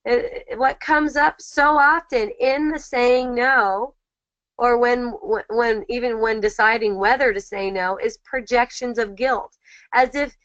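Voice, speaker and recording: Gentle, higher-voiced woman teaching spiritual ideas. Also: no room sound. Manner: gentle, repeats key phrases, many restarts. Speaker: host of an online spiritual dialogue. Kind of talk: reflective spiritual teaching talk. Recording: slightly muffled lo-fi audio.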